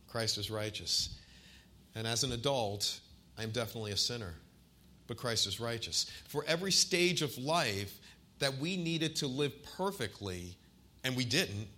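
A man in his forties delivers a sermon in a bright, forceful voice. He puts questions straight to his listeners and slows down to lean on key phrases and scripture quotes. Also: medium pitch. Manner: asks the congregation questions directly. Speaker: pastor.

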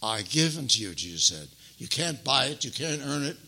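An older man preaching a sermon as pastor, emphatic and folksy, swinging between loud stresses and soft asides. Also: medium pitch, sing-song, normal speed, creaky, breathy edge, low-quality recording. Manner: addresses listeners as beloved, folksy asides.

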